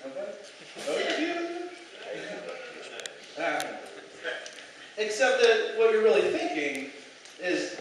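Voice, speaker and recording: Young male stand-up, slightly high voice, profane and animated, caught from afar in an echoey noisy room. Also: slow pace, long pauses. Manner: animated, profane, acts out quoted dialogue. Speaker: stand-up comedian. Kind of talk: stand-up set. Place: small comedy club stage. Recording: echoey, distant, noisy club recording.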